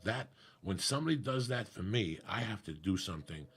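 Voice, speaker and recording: A man with a raspy, gravelly voice, telling stories in casual chat as a comedian guest, swearing freely and acting out what people said. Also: lowish voice, a little fast. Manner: profane, animated storyteller acting out quotes.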